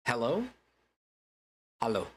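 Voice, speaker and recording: A man's voice: mid-range voice, sing-song, slow pace, slight background noise, low-quality recording. A man chatting casually to his viewers during a game stream, laid-back and swearing freely. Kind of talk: casual gaming stream chat.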